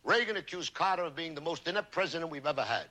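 A man's voice: fairly high pitch, animated, quick pace. A man doing a punchy stand-up comedy monologue, played from an archival TV broadcast. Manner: punchy joke delivery with rising punchlines. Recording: noisy archival TV broadcast with audience. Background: crowd laughter.

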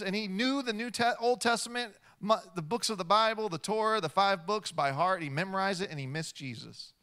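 A man preaching a sermon as pastor, animated, swinging between loud and hushed delivery. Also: a little high.

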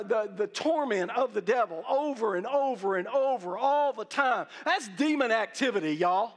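A man preaching a sermon, emphatic, with halting restarts and drawn-out stresses on key words. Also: very high-pitched, gravelly, a bit bright. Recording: reverberant hall.

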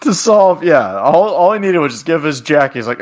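A man's voice: on the high side, very animated, fairly quick. A man co-hosting a podcast, chatting casually and profanely about a TV episode and laughing often. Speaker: podcast co-host.

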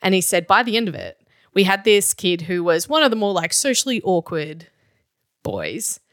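A woman's voice: fairly low pitch, sing-song, moderate pace, no echo. A woman co-hosting a podcast, chatting enthusiastically and laughing often. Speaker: podcast co-host. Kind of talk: casual chat about musical theatre.

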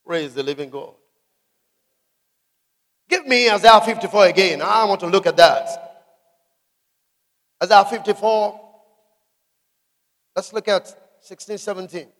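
A man preaching a sermon, asking the congregation questions and shouting out scripture. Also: high-pitched, a little slow, long pauses, long reverb tail. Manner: emphatic call-and-response preaching, shouting scripture.

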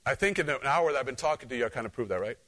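A man preaches very fast in a mid-range voice. He is a pastor giving an animated, conversational sermon, sharing personal stories and speaking right to his congregation.

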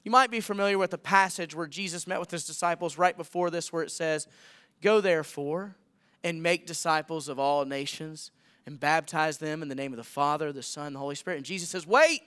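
A man's voice: a little high, brisk, a bit bright, clear, resonant tone. A young adult man preaching a sermon as a guest speaker, earnest and building to emphatic repeated calls.

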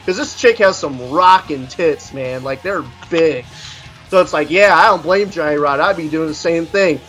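A man's voice: fairly high pitch, moderate pace, faint music behind. Foul-mouthed ranting man. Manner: profane, blunt ranting; animated storytelling. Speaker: podcast co-host reviewing an album. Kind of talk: casual podcast chat.

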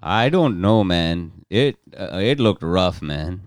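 Super deep smooth voiced guy, chill podcast chat, dry close mic. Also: lively intonation, takes it slowly, no room sound. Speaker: podcast co-host. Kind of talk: casual banter.

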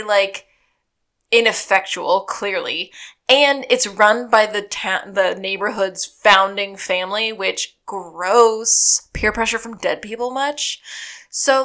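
A woman co-hosting a podcast, chatting casually as she recaps an episode and acts out the characters' lines. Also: medium pitch. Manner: animated retelling with quoted voices. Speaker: podcast co-host.

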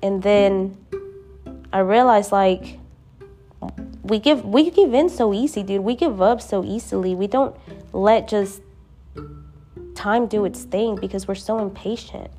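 Mellow-voiced young woman, slangy and casual. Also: mid-range voice, measured pace, long pauses, faint music behind. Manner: slangy, conversational, with frequent "dude" and "bruh". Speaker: vlogger sharing faith reflections. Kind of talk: casual spoken reflection.

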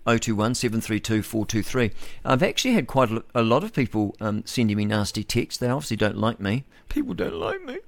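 Rambling New radio host, deep dry. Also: male voice, a little fast, vocal fry, no echo. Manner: rambling, blunt, chuckling to himself. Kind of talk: opinionated solo radio monologue. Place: radio studio.

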